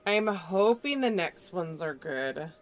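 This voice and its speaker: A woman's voice: on the low side, expressive, slow, slight background noise. A woman game streamer chatting casually with viewers, sleepy and trying not to yawn. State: sleepy, stifling yawns. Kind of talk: casual gaming stream chat. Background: faint chill background music.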